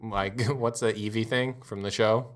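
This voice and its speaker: A man's voice: fairly low pitch, steady tone, a little slow, heavy background noise. A man co-hosting a casual chat among friends, cracking dry jokes. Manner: joking, dry quips. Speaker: podcast co-host.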